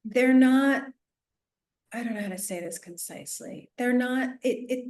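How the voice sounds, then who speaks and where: A woman speaking as a parenting expert guest in a casual podcast interview, animated and chatty, with frequent restarts, fillers and little laughs. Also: a little high, moderate pace. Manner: laughs often while explaining.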